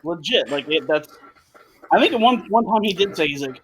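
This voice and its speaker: A man co-hosting a podcast who tells stories with lots of life, swears freely and slips into voices for the people he quotes. His voice sits a bit high for a man. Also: normal speed, slightly rough. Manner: animated storyteller, swears, acts out quotes. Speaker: podcast co-host. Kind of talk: casual chat.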